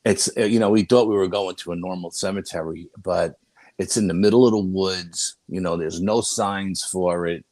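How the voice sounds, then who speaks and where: An older man with a low, deep voice tells a long story as a guest. He rambles casually, restarting his sentences and filling gaps with "you know". The sound is close and dry, with no room around it. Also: steady tone, normal speed, a little mellow, dry recording. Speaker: paranormal investigator guest.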